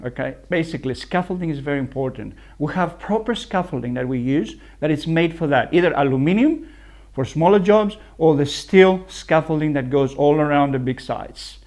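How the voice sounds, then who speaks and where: A man's voice: on the high side, expressive, moderate pace, a little mellow. A builder talking casually on a building site, chatty and laughing often at his own jokes. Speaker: licensed builder. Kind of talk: casual chat reacting to clips.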